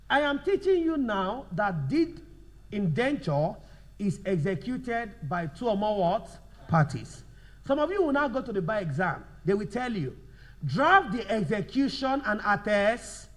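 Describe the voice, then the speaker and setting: A man's voice: high voice, big pitch swings. A male law lecturer, giving a revision class, repeating points and quizzing students with fill-in questions. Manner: slows down to dictate notes.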